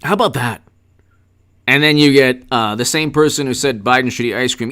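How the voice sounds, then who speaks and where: A man's voice: mid-range voice, moderate pace, bright, forceful tone. A man hosting a political livestream, greeting chat viewers and mocking his opponents sarcastically. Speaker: political commentator. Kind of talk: livestream commentary reading chat.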